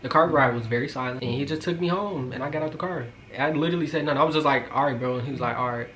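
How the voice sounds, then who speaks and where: A young man tells a storytime in loose, slangy talk, full of fillers. His voice sits at a medium pitch but jumps up and gets loud when he reacts, then falls to quiet asides. Soft music plays faintly underneath. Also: racing. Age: 20s. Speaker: vlogger. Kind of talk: storytime vlog.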